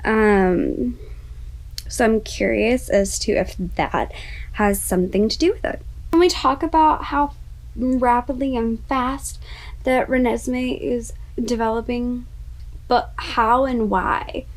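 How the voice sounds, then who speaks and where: Slow-talking, high-voiced woman gushing over a book. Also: steady tone, poor audio. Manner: gushing, exclaims often, drifts into whispers. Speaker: book vlogger. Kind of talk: casual reading reaction.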